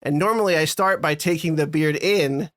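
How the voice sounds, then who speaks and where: A man's voice: fairly high pitch, normal speed, fairly bright tone, dry recording, clean studio sound. A man co-hosting a podcast, telling a rambling, self-deprecating story in casual chat with frequent restarts. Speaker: podcast co-host.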